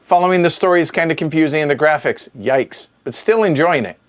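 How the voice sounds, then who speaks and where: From a home streaming room, a man who hosts a board game show takes viewer questions from the chat during a livestream Q&A. He reads each one aloud and answers with jokes on the side, speaking briskly in a fairly high voice.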